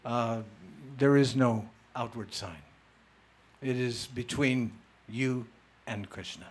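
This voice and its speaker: A man's voice: mid-range voice, slow, husky. A man giving a spiritual lecture and answering audience questions, playful and emphatic. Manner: animated, playful, teasing, emphatic.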